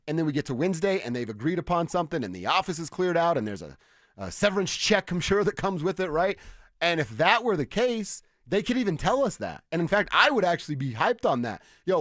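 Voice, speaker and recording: Fired-up sports radio co-host, a man from Colorado, a little high-pitched, stumbling over restarts, dry close mic. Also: very animated, a bit bright, dry recording. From Northglenn, Colorado. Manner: passionate, quick, stammering restarts. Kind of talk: sports talk radio banter. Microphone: studio microphone.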